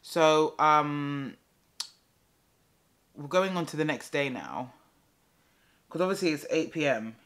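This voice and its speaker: Young girl chatting to camera, bright voice, loads of ums and repeats. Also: low-pitched, takes it slowly, long pauses. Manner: chatty, animated, lots of fillers and repeats. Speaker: vlogger. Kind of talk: casual storytelling to camera.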